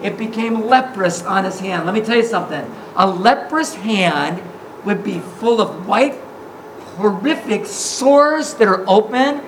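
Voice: mid-range voice, expressive, unhurried, slight background noise, low-quality recording. A preacher giving a sermon in a casual, slangy storytelling manner, acting out the scripture scenes in everyday words.

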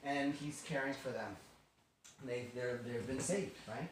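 A man teaching a Bible lesson in an animated storytelling way, often asking his listeners questions. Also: mid-range voice, measured pace, slight background noise. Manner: animated, asks the class questions. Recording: echoey room, distant mic.

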